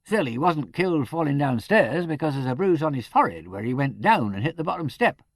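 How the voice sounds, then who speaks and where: A man's voice: fairly high pitch, very animated, fairly quick, no room sound, studio quality. A man reading an audiobook, voicing a middle-aged country police superintendent with a broad rural dialect who likes quoting poetry. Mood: ponderous. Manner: broad rural dialect, ponderous and fond of quotations.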